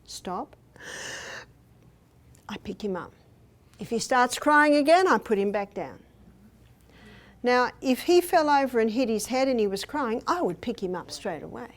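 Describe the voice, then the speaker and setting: An older woman speaking at a health seminar, telling personal stories and acting out what people said. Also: a little high. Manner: storytelling, acts out quoted speech. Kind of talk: seminar talk with personal anecdotes. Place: hotel meeting room.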